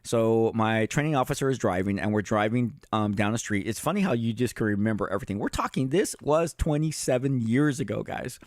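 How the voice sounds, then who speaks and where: A man's voice: fairly low pitch, animated, a little fast, hardly any pauses, dry recording, studio quality. A man in his fifties, a retired police chief, telling stories in a casual livestream chat. He talks straight to his viewers and swears now and then. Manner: conversational, addresses viewers directly, swears casually.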